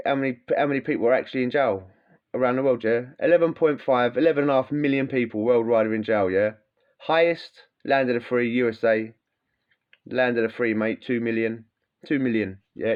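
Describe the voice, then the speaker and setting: A man, a former prisoner, hosting a podcast in a blunt, animated, swearing rant. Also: mid-range voice. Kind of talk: casual ranting monologue. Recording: dull lo-fi sound.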